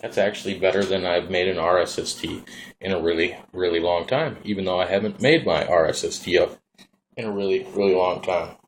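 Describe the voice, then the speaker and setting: A very low-voiced man with a Minnesotan accent talks in a laid-back, folksy ramble while showing off his gear. Faint noise hums under the recording. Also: brisk. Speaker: vaping hobbyist vlogger. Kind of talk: casual hands-on demo.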